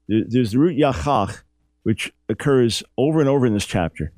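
A man's voice: moderate pace, darkish tone, dry recording. A man hosting a radio show, teaching a Bible passage in an earnest, emphatic way and lifting his voice when he acts out the speakers. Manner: earnest, emphatic, rises in pitch when dramatizing.

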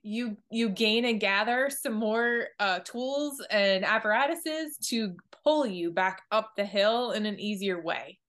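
A woman's voice: medium pitch, unhurried, hardly any pauses, fairly bright tone. A woman co-hosting a wellness podcast who reassures and coaches her partner in an upbeat, encouraging way. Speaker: podcast co-host.

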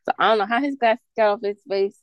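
A woman's voice: medium pitch, quick pace, no echo, muffled recording. A young woman, telling a personal story in casual podcast chat, full of "like" and restarts. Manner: rambling storytelling with many likes.

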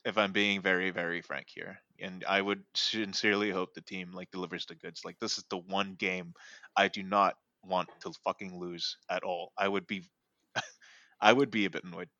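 A man's voice: low voice, flat delivery, moderate pace, sharp tone, no room sound, dull audio. A man hosting a casual sports podcast, rambling and thinking aloud with lots of fillers. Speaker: podcast host.

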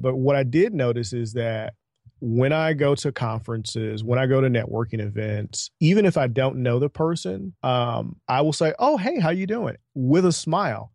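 A man's voice: medium pitch, no echo, clean studio sound. A man speaking as a podcast guest and networking coach, telling chatty stories and acting out the people in them. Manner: chatty storyteller, animated quoted dialogue. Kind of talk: casual interview talk.

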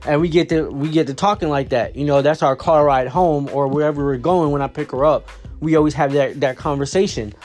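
A man's voice: a little high, steady tone, fairly quick, darkish tone, soft background music. A father casually telling a story about his daughter, rambling with many fillers and restarts.

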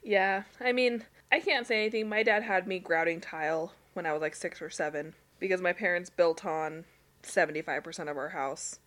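A woman's voice: fairly low pitch, moderate pace, a bit bright. A woman co-hosting a casual podcast chat, telling family stories with laughter and acted-out quotes. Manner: laughing, storytelling, acts out quotes.

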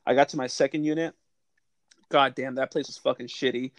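A man's voice: medium pitch, steady tone, fairly quick, dry recording. Laughing, swearing young man with a dry close sound. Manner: swears freely, laughs often while telling stories. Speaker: podcast host. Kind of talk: casual storytelling chat.

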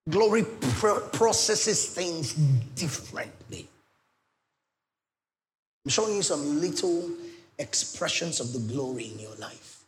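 A middle-aged Nigerian man preaching a sermon, swinging between loud declarations and soft pleading asides. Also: on the high side, expressive, takes it slowly, long pauses. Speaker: pastor.

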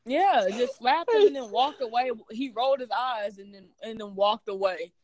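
A woman co-hosting a podcast in casual chat, animated and playful, often acting out what others say. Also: a little high, moderate pace, no echo, poor audio. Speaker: podcast co-host.

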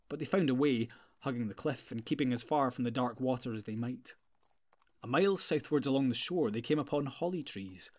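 A man narrating an audiobook in a measured, deliberate way, sometimes dropping to a hush. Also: medium pitch.

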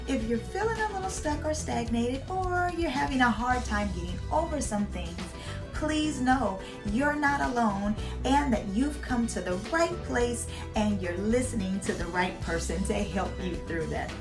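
A woman's voice: a little high, animated, unhurried, over music. A woman hosting a chat show, bubbly and playful, laughing often and breaking into song. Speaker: podcast host.

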